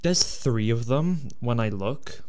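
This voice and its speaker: A man narrates his game session in a mid-range voice, grumbling and swearing as things go wrong and jumping into loud, excited reactions. A clear layer of noise sits behind him throughout. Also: medium pitch, slow pace. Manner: frustrated, swearing, excitable outbursts. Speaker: gaming channel host. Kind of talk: let's play commentary.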